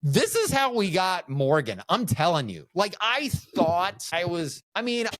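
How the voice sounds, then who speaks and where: A man's voice: high-pitched, sing-song, unhurried, fairly bright tone. A man hosting a solo podcast, rambling through jokey asides with frequent restarts. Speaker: podcast host.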